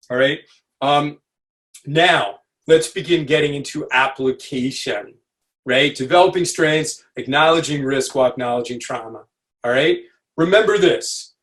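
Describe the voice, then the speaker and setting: Man, lecture on a video call, fairly high voice, animated, acts out quotes. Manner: animated, says "right?" often, acts out quotes. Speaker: speaker at a community webinar.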